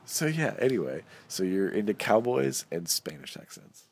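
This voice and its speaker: A man's voice: on the low side, very animated, moderate pace, gravelly. A young man hosting a casual podcast chat, playful and laughing often. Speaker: podcast host.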